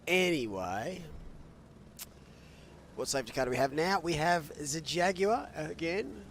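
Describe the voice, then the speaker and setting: A man calling an online sim race, his voice sitting a little high. He jokes with his co-commentators and gets excitable when things happen on track. There is steady noise behind him. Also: a little slow. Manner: chatty, gets loud and excitable at race action.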